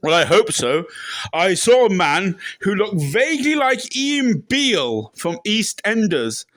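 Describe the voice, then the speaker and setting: A man answering questions in a deadpan comic interview, breaking into loud shrieking impressions. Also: high-pitched, unhurried, no echo, poor audio. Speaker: interviewee in a comedy sketch.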